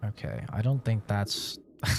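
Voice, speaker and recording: A man's voice: on the low side, big pitch swings, unhurried, gravelly, slight background noise. A young man streaming a horror game, chatting casually with a sarcastic, profane manner. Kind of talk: casual gaming commentary.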